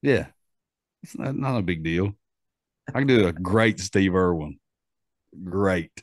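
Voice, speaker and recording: A man's voice: sits low, animated, takes it slowly, no room sound, studio quality. A man with an Appalachian accent hosting a podcast in casual, rambling chat full of fillers and restarts. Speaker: podcast host.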